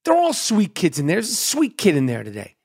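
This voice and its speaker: A man's voice: sits high, wildly swooping pitch, brisk, a little mellow, husky. A middle-aged man, ranting in a crude, rambling comedy monologue full of repetition and swearing.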